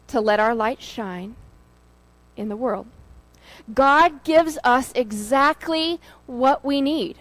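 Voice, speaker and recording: A woman's voice: on the high side, dry recording, rough recording. A woman giving an informal sermon, talking in a conversational, storytelling way with fillers and asides. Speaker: lay preacher.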